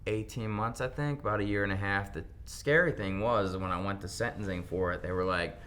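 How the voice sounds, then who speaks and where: A young man from Pennsylvania, a guest in an interview, telling his story in a casual, animated way and acting out what people said. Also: lowish voice, brisk, few pauses, a little hiss or hum.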